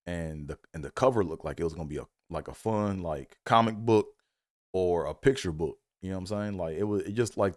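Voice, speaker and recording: A man's voice: deep voice, darkish tone, dry recording, clean studio sound. A man from Maryland telling a loose, profane childhood story with lots of fillers and restarts. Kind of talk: casual comedic storytelling.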